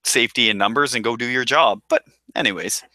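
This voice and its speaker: Bright-voiced man chatting about a show. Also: mid-range voice, fairly quick, dry recording. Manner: chatty, restarts often, military jargon. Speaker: podcast co-host. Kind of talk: casual chat.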